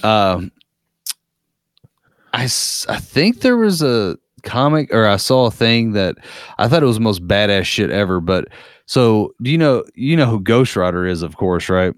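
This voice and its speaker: A man's voice: fairly low pitch, animated, a little slow, clean tone, dry recording, clean studio sound. A man in a casual podcast chat, a profane, rambling storyteller.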